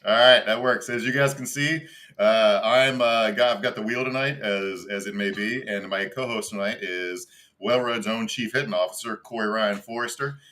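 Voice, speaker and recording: A man hosting a casual comedy podcast from a hotel room, laid-back and hesitant, filling pauses with uhs. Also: fairly low pitch, fairly even intonation, pushed and bright. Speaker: fill-in podcast host.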